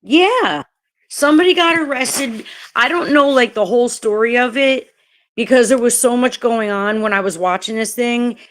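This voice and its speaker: A woman's voice: fairly high pitch, normal speed, a bit bright. A woman live-streaming a heated, profane rant, talking bluntly and breaking off to greet chat viewers by name. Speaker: livestreamer.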